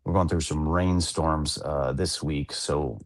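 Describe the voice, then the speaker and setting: In casual podcast chat, a Southern California co-host rambles with lots of fillers and restarts. His voice rumbles low with fairly even intonation and a slow delivery, recorded at studio quality with no room sound.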